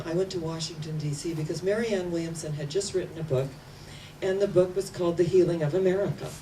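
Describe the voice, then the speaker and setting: A woman's voice: on the low side, dark tone. Older woman minister preaching from afar. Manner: emphatic, repeating words with rising and falling intensity. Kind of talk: sermon. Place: church platform. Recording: distant mic with faint room noise.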